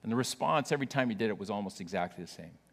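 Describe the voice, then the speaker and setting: A man's voice: lowish voice, animated, very fast, creaky. Storytelling male pastor, echoing hall. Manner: storytelling with playful asides to the congregation. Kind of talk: sermon. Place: church.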